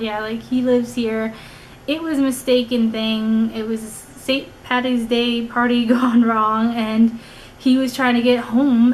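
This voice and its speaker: A woman's voice: fairly high pitch, a little hiss or hum, low-quality recording. Chatty young woman telling a story. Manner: animated, rambling with many "like"s and restarts. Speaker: vlogger. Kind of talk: casual storytelling.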